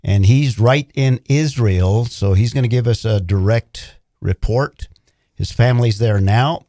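A man speaking as a regular guest on a live talk radio show, earnest and unhurried. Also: medium pitch, dark tone, dry recording, clean studio sound. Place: radio studio.

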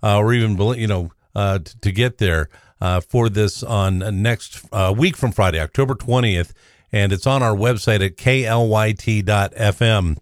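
A man hosting a live talk radio show, speaking in a halting way with many fillers. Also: lowish voice, no echo, clean studio sound. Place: radio studio. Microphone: studio microphone.

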